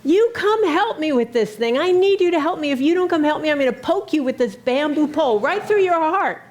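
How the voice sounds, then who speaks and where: A woman voicing a drunken young man who loudly and cheekily demands help. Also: sits high, animated, fairly quick, voice pushed up. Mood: yelling.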